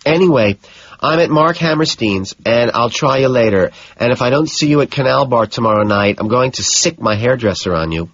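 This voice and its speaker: A man's voice: fairly low pitch, lively intonation, unhurried, slightly rough, no room sound. A man voicing a bored, catty young socialite woman who drawls gossip and sarcasm in an audiobook. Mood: exasperated. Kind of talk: audiobook character voice. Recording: dull, dry lo-fi audio.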